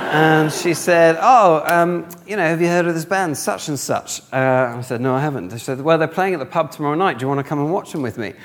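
A man's voice: a little high, fairly quick, a little hiss or hum. A young man from the north of England telling a humorous, self-mocking story in a sermon, acting out the dialogue. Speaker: speaker. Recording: long hall reverb.

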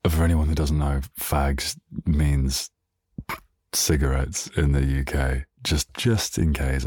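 A man's voice: very deep voice, dark tone, slightly rough, no echo, clean studio sound. A man hosting a casual solo podcast, playful and rambling off on tangents. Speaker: podcast host.

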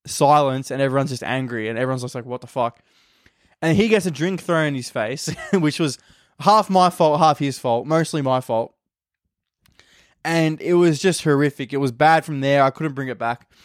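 A man's voice: on the high side, dry recording, clean studio sound. A man, a stand-up comedian telling rambling stories in a casual podcast monologue and swearing often. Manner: rambling anecdotal storytelling with frequent swearing.

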